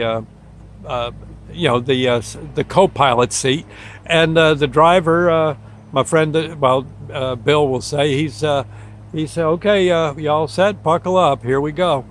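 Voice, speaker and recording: A man's voice: on the high side, unhurried, fairly bright tone, a little hiss or hum. A man who once worked on an ambulance crew, telling a story in a folksy, rambling way with chuckles between phrases. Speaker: ambulance crew member recalling a shift. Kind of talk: casual storytelling.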